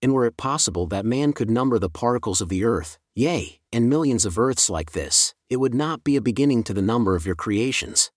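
A man reading aloud as an ancient prophet, earnest and imploring, praising and pleading before God. The voice stays in an everyday middle pitch and is recorded close and dry. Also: animated, brisk, few pauses, no echo, close to an everyday voice. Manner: solemn, earnest scripture reading.

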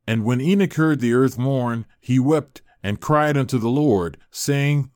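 A man's voice: medium pitch, darkish tone, no echo, clean studio sound. Solemn man reading scripture. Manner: measured, solemn. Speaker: scripture reader.

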